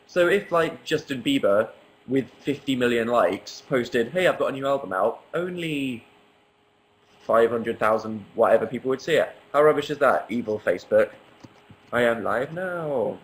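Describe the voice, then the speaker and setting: A man's voice: medium pitch, lively intonation, normal speed, low-quality recording. A young English man chatting casually on a livestream from his apartment living room, reading viewer comments aloud with a wry, self-mocking humor. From England. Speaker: livestream host.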